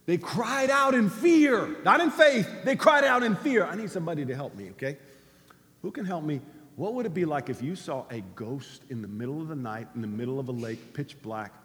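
Animated high-voiced man preaching. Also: a little fast. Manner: animated preaching, swings from loud cries to low, quiet lines. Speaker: pastor. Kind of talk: sermon. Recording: long hall reverb.

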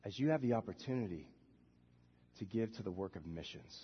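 A man preaching a sermon as a minister, swinging from soft, quiet passages to loud shouted bursts. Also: fairly low pitch, animated, brisk, husky, long reverb tail, highs cut off. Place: church sanctuary.

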